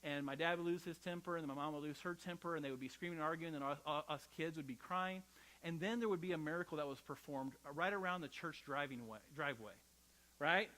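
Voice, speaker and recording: A man's voice: fairly high pitch, fast talker, sharp tone, low-quality recording. A middle-aged male pastor preaching a sermon in a conversational, personal storytelling style, often checking in with "right?".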